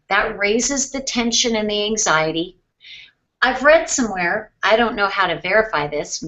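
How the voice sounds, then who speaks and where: A woman sales trainer coaching over a webinar, calm and question-based, with deliberate pauses. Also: mid-range voice.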